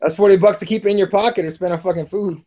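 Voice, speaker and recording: A man hosting a casual talk show, laid-back and chatty as he retells events and reads comments aloud. His voice is notably high for a man, and he swears freely. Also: steady tone, fast talker, mellow, a little hiss or hum. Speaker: podcast host.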